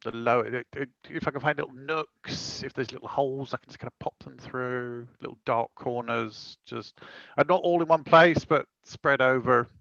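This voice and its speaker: Playful gravelly man at a game table. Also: mid-range voice, moderate pace, hardly any pauses, dry recording. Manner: playful, animated, joking about his plans. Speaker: player. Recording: dry, dull lo-fi sound.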